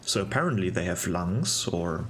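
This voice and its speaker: A young man giving casual gameplay commentary, musing aloud in a relaxed way with hesitant restarts. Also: sits low, moderate pace, a little hiss or hum. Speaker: game video narrator.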